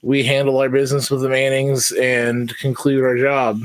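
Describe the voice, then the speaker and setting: A man's voice: mid-range voice, completely flat delivery, normal speed, clean tone, dry recording, low-quality recording. A man playing a tabletop game, laying out the crew's plan decisively. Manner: decisive, lays out plans. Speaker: player.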